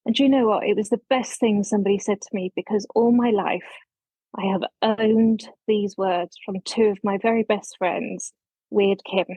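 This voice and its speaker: A woman's voice: medium pitch, fairly even intonation, moderate pace, mellow, slightly rough, dry recording, rough recording. A woman in her fifties from England introducing herself on a podcast in a bubbly, self-deprecating way. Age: 50s. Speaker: community member.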